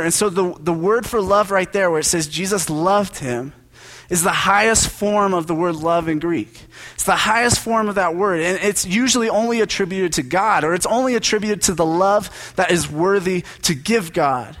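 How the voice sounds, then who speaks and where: A man's voice: high voice, a bit bright. A young man giving a casual, joking sermon as a preacher, talking to the congregation like friends. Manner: conversational and joking, with quick asides.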